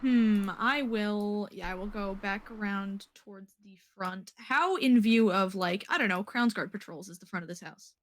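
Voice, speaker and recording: A woman's voice: mid-range voice, moderate pace, hardly any pauses. Anxious woman playing a tabletop game. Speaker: player.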